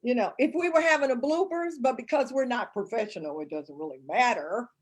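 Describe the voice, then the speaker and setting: A middle-aged woman from St. Louis, chatting casually as a co-host and telling lively family stories. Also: a little high, a little fast. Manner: animated storyteller, acts out voices of her kids. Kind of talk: casual chat.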